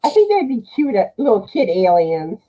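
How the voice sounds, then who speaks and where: A woman chatting as a guest on a live show, easygoing and quick to laugh. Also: mid-range voice, very animated, dark tone, poor audio. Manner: slow and easygoing, laughs often. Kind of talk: casual chat.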